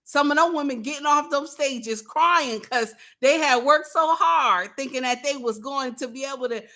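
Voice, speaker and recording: A woman's voice: sits high, sharp tone. A woman hosting a casual livestream, talking bluntly and preachily to her viewers and repeating her points for emphasis. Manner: addresses viewers and chat directly. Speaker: livestream host.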